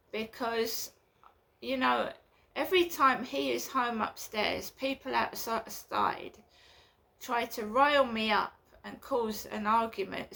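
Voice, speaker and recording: A woman vlogging from her flat, complaining at length in an agitated, repetitive way. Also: mid-range voice, creaky. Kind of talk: casual ranting monologue.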